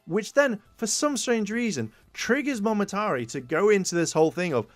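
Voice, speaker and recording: A man's voice: sits high, expressive, moderate pace, dry recording. A man casually recapping a TV episode for a podcast, rambling with lots of fillers and acting out the characters' lines. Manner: rambling, fillers, loose quoted impressions. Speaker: podcast co-host reviewing a tokusatsu episode.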